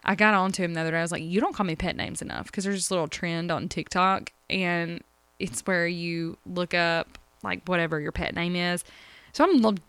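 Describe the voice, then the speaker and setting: A woman's voice: lowish voice, fairly even intonation, normal speed, fairly bright tone, smooth, no echo. A woman, talking emotionally and rambling about her day as a podcast host. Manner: emotional, rambling, addresses listeners directly. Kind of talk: personal confessional chat.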